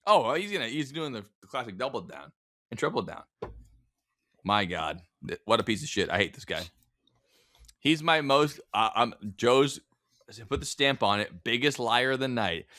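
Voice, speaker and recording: A man's voice: mid-range voice, big pitch swings, moderate pace, bright, forceful tone, dry recording, studio quality. A man co-hosting a podcast, talking in a sarcastic, mocking way and swearing freely in casual chat. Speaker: podcast co-host.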